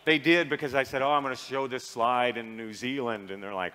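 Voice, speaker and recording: A man's voice: mid-range voice, normal speed, pushed and bright. A middle-aged man from Seattle giving a conference keynote, irreverent and joking, acting out little dialogues. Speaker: keynote speaker. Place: large arena. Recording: arena reverb.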